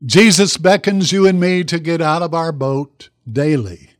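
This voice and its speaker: A pastor preaching a sermon, telling a Bible story dramatically and putting questions to the congregation. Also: male voice, a little high, a little slow, dry recording, studio quality.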